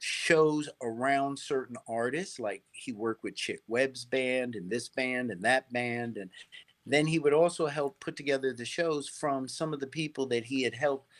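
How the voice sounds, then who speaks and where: A middle-aged man speaks as an interview guest with a mid-range voice. He tells his stories with energy and often restarts his phrases. He keeps pulling the listener in with a quick "right?". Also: medium pitch. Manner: animated storyteller, repeats and restarts phrases, checks in with "right?". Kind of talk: casual interview storytelling.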